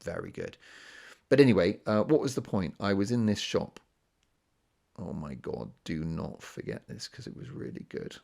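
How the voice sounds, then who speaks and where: A slightly low-voiced man from Britain hosts a solo podcast in casual monologue. He rambles and mocks himself, drifting into asides and catching his thread again. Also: sing-song, moderate pace, vocal fry, a little mellow. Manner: chatty, self-mocking, rambling with asides. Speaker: podcast host.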